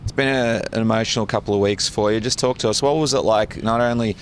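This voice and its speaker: Low-voiced male interviewer. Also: fairly even intonation, quick pace, slight background noise. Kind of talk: post-fight interview.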